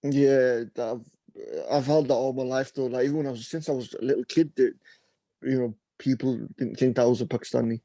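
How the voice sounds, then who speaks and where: A man's voice: medium pitch, steady tone, fairly quick, mellow, no echo. A young man from England with a Bradford accent, co-hosting a podcast in casual chat and telling stories. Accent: Bradford English. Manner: laid-back, tells stories, mimics people. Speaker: podcast co-host.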